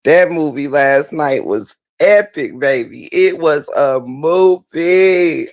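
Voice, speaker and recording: A man's voice: fairly high pitch, animated, takes it slowly, no echo. A man hosting a casual recap for viewers, laughing so hard he cries and calling everyone "child" and "baby". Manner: laughing hard, crying with laughter, drawling Southern slang. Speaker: host.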